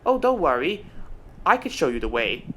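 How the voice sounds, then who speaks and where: A man doing a bright, eager little tank engine. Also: on the high side, very animated, normal speed, a little hiss or hum. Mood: cheerful. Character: cheerful helpful young male tank engine. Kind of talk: fan storytelling.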